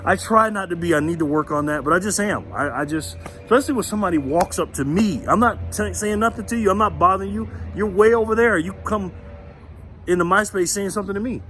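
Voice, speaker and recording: A man's voice: high-pitched, fast talker, bright, forceful tone, faint music behind. A man vlogging in a casual storytelling rant, defiant and confrontational, retelling a run-in with laughs along the way. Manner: defiant, confrontational, says so himself.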